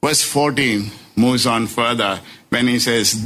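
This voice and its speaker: A man preaching a sermon, stressing key phrases slowly and repeating them, often tagging on "isn't it?". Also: medium pitch, pushed and bright. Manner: slow, deliberate emphasis with rising and falling stresses; repeats key phrases and adds tag questions.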